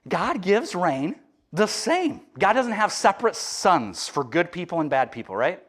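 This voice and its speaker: Pastor guy with a high voice, chatty animated sermon, lots of likes and restarts. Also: measured pace. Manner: conversational, animated, many restarts and fillers.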